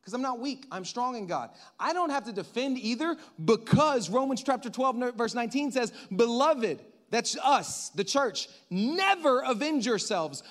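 A man preaching a sermon in an animated way, swinging from hushed tones to loud shouts and acting out voices. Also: very high voice. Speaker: pastor.

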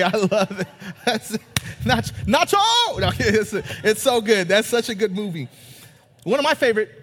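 High-voiced man preaching in a hall. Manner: animated, joking, retells scenes in character voices. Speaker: pastor. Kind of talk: sermon. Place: church sanctuary.

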